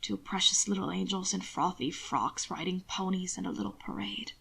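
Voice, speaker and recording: Woman reader doing a big brooding man in a storybook: low harsh whisper, hushed and intense. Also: steady tone, normal speed, gravelly, slightly rough, exaggerated voice. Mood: wistful.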